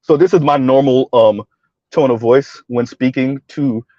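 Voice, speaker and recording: A man hosting a commentary stream, animated and sarcastic, often laughing and switching to a soft calm voice to make a point. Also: mid-range voice, unhurried, muffled recording, slight background noise. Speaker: commentary channel host. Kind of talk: reacting to viewer comments on a live stream.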